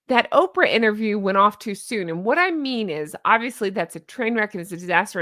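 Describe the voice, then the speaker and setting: Sarcastic, animated woman vlogger. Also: fairly high pitch, no echo, clean studio sound. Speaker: commentary channel host. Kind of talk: casual reaction commentary. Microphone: own microphone.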